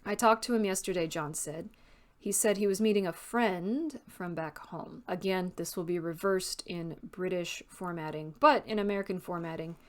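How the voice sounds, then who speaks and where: Woman explaining punctuation step by step. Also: on the low side. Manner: explains step by step, reads example sentences aloud. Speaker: writing teacher and author. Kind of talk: casual tutorial.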